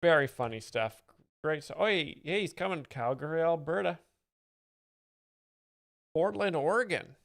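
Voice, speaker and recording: A man's voice: fairly high pitch, lively intonation, a little slow, creaky, long pauses, a bit bright, dry recording, studio quality. A man hosting as a self-serious joke explainer, commenting on comedy clips in a pompous professorial manner. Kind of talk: deadpan mock-expert commentary over clips.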